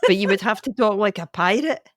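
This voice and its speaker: A woman's voice: mid-range voice, a little fast, dry recording, clean studio sound. A Scottish woman co-hosting a podcast, chatting casually and asking playfully curious, teasing questions. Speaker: podcast co-host. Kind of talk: casual chat.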